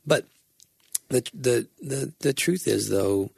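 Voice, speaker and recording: A man's voice: medium pitch, expressive, slow pace, gravelly, darkish tone, breathy edge, dry recording, studio quality. A man talking reflectively in casual conversation, often stumbling and repeating words as he searches for them.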